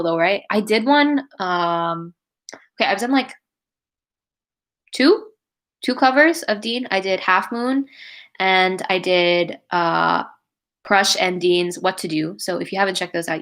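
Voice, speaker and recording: A young woman hosting a casual livestream, reading out viewer comments and chatting in a gushing, chatty way. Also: medium pitch. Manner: chatty and gushing, many "like"s and "oh my God"s. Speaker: livestream host and cover singer.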